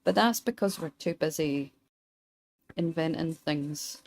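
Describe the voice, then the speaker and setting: A young Scottish woman streaming a game, chatting wryly with her viewers and pausing mid-thought. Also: low voice, creaky, a little mellow, dry recording, rough recording. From Scotland. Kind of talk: casual gameplay commentary, chatting with viewers.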